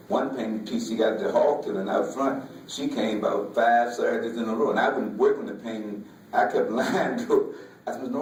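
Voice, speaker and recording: Halting Southern-spoken man in an echoey hall. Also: fairly low pitch, a little mellow, far from the mic, a little hiss or hum. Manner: halting, repeats words, Southern vernacular. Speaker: folk artist giving a talk. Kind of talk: emotional personal talk. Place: museum lecture hall.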